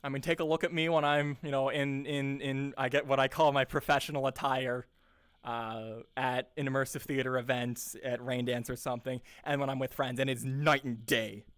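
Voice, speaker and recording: A man's voice: medium pitch, steady tone, moderate pace, fairly bright tone, clear, resonant tone, no room sound. A young man, an improv teacher, talking casually and earnestly with lots of restarts and repeated words. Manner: earnest, enthusiastic, repeats words while searching. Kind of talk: casual rambling monologue.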